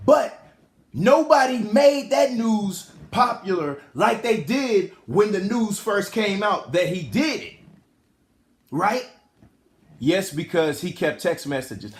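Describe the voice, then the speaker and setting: Slow and high-voiced, this man does casual commentary from a hot room at home, and the sound is roomy. He talks directly to his viewers and chat with animated energy, using slang and frequently saying things twice.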